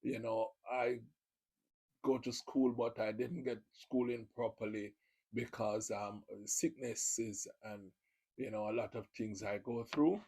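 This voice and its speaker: Husky Jamaican man, rambling chat. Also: mid-range voice, steady tone, slow, warm tone, low-quality recording. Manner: rambling, full of "you know" fillers. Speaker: video channel host. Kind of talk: casual spoken testimony.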